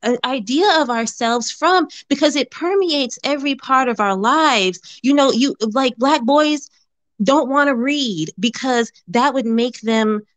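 A woman's voice: high voice, unhurried, dry recording. A woman calling in to a talk show, speaking earnestly and repeating words as she works out her point. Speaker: caller. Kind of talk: call-in conversation.

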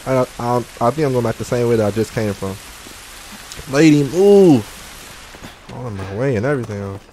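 A man's voice: medium pitch, racing, darkish tone, slight background noise. A young man gaming and chatting casually, out of breath and burning from hot wings, groaning and joking between exclamations. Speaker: gaming YouTuber.

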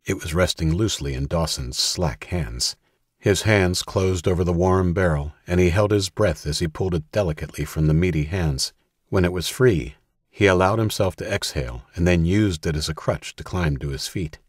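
A male audiobook narrator with a deep, husky voice reads a tense thriller in a steady, measured way. The recording is close and dry, with no room sound at all. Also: no echo. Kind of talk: scripted narration.

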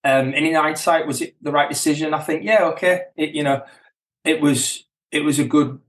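A man's voice: on the high side, normal speed. Laid-back man in an echoey room. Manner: relaxed, chuckling, self-correcting. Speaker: band member, guest. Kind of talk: casual chat.

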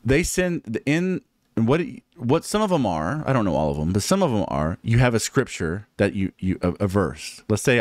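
A man with a lowish voice hosts a relaxed Bible podcast. He speaks with lively swings in pitch and an enthusiastic, preachy manner. His voice is recorded dry and close. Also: moderate pace, no echo. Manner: enthusiastic and preachy, with repeated affirmations. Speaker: podcast host. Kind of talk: casual podcast conversation about the Bible.

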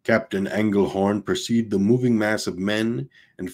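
Low, husky man reading a novel aloud. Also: steady tone, normal speed, darkish tone. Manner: unpolished reading with restarts and asides. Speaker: audiobook reader.

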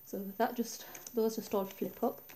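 Picture a woman at her craft table, calmly pointing out each pocket and flap of her project. Her voice is soft and mellow, chatty rather than polished, picked up by a tablet mounted a little way above her. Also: on the high side, normal speed. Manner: chatty, relaxed, pointing things out step by step. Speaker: craft tutorial maker. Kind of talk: casual show-and-tell craft walkthrough. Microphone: tablet camera set high above the desk.

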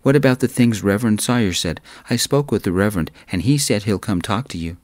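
A man's voice: lowish voice, fairly quick, dry recording, studio quality, close to an everyday voice. A man doing a scolding, controlling mother. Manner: yelling, scolding. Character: angry controlling middle-aged mother.

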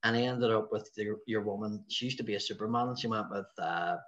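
A man with a West Belfast accent, a guest comedian telling lively stories in casual podcast chat, often chuckling. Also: on the low side, quick pace. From West Belfast, Northern Ireland. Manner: lively anecdotal storytelling, chuckling. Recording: slightly dull lo-fi sound.

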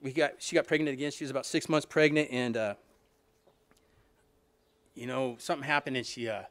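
Fast-talking man sharing his recovery story. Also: mid-range voice, fairly even intonation, fairly bright tone. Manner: conversational storytelling, frequent "you know what I mean", restarts. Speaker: alumni reunion speaker. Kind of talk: personal recovery story told to an audience.

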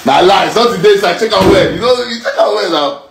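A man's voice: high-pitched, animated, fairly quick, creaky. Laughing Nigerian man in an echoey room. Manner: laughing, loud, mixing Pidgin and English. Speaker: comedian and prankster. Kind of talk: casual excited chat. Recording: echoey room with faint noise.

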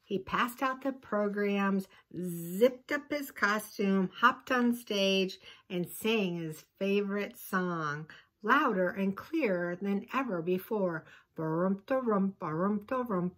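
Slow-reading woman telling a picture book. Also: medium pitch, fairly bright tone, poor audio. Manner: chatty asides to young listeners. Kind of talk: picture-book read-aloud.

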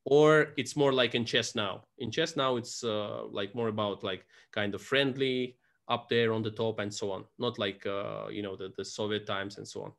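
A man's voice: lowish voice, fairly even intonation, normal speed, creaky, fairly bright tone. Chatty male host telling stories. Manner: rambling storyteller, filler-heavy. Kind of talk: casual video conversation.

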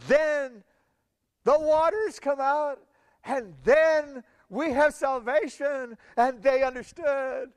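A man preaching a sermon, telling a Bible story with animated voices for the people in it and laughing often. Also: very high voice, takes it slowly, no echo, clean studio sound.

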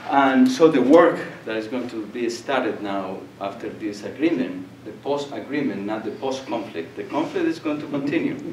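Older man lecturing in a hall, animated storyteller; distant, roomy recording with light hiss. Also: mid-range voice, moderate pace, few pauses. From Colombia. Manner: animated storyteller, acts out voices and laughs. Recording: echoey room, distant mic, faint noise.

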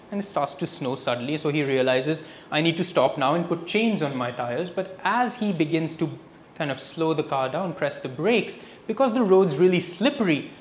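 A man giving a public spiritual lecture, telling stories with a lively delivery and dropping in Hindi phrases. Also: a little high. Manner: lively storyteller, switching between English and Hindi phrases. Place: lecture hall, indoors. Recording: echoey hall with faint noise.

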